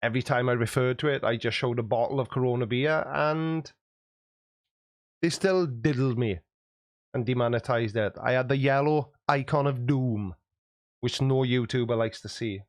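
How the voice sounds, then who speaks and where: A man's voice: mid-range voice, normal speed, dry recording, studio quality. A man hosting a livestream, chatting in a jokey, self-deprecating way as he reads out viewer comments. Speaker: YouTube host.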